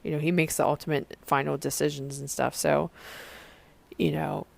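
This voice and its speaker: A woman's voice: low voice, little pitch movement, moderate pace, creaky. A young woman hosting her own podcast, talking casually and rambling with many fillers and restarts. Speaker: podcast host. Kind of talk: casual solo podcast chat.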